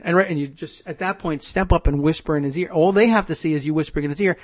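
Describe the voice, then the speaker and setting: A male talk show host delivering an animated, sarcastic political monologue. His voice is a little high and his delivery is exasperated. The sound is dry and close. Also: quick pace, no echo.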